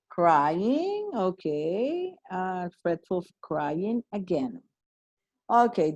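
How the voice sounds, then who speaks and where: Bilingual woman teacher, slow and dry. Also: medium pitch, darkish tone, dry recording, muffled recording. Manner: switches between English and Spanish, encouraging; praises students by name. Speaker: English teacher. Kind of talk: online class teaching.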